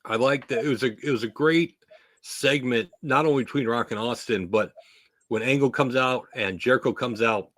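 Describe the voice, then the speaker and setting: A man's voice: medium pitch, moderate pace, dry recording. Laughing man telling wrestling stories. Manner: animated storytelling, laughs often. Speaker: podcast co-host. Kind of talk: casual wrestling chat.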